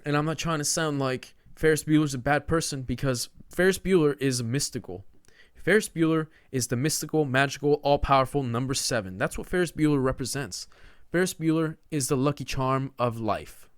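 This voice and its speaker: A man's voice: medium pitch, brisk, clear, resonant tone, dry recording, clean studio sound. A man hosting a podcast, giving a riled-up, slangy rant that he keeps peppering with "dude" and "man.". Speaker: podcast host. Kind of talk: casual ranting monologue.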